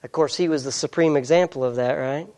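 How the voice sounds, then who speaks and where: A preacher giving an earnest, emphatic sermon, reading scripture slowly and deliberately. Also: mid-range voice, darkish tone.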